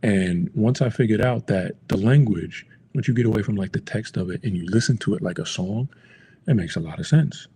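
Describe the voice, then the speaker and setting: A little fast and fairly low, this American man's mellow voice comes with slight hiss or hum. He casually teaches travel Spanish on camera, rambling with lots of "like" and "you know" fillers.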